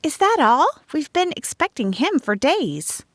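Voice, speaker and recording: A woman voicing an excitable young schoolteacher, asking eager exclamatory questions. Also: high voice, unhurried, dry recording, clean studio sound, pitched above the performer's own voice.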